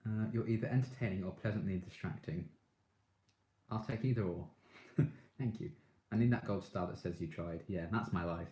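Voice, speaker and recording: A deep-voiced man hosts a relaxed live stream, chatting with viewers and getting excitable as a fan. He laughs often between comments. The sound carries a roomy echo. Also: moderate pace, slight background noise. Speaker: live streamer reading chat. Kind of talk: casual live-stream chat.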